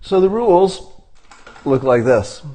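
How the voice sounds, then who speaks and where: A man giving a deadpan satirical monologue, mock-instructional and ironic in tone. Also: high-pitched, slow pace. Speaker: commentator.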